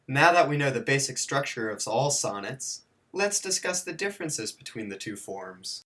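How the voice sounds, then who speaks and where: A man's voice: mid-range voice, animated, fairly bright tone. A man narrating a scripted video lesson, slipping in dry jokes and mock self-corrections. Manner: counts and spells out points slowly. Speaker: teacher.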